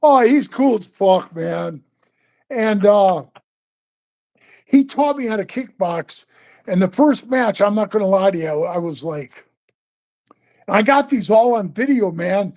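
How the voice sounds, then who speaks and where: A man's voice: sits high, a little slow, pauses often. An older man in his sixties spins tall stories in a loose, casual chat. He swears freely and keeps calling the listener bro and man. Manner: profane, animated, says bro and man a lot. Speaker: guest storyteller. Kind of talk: casual storytelling.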